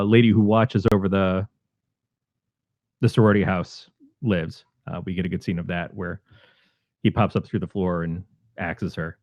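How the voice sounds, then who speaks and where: A man's voice: fairly low pitch, darkish tone, no echo, muffled recording. Man animatedly retelling movie scenes. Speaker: podcast co-host. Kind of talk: casual film review chat.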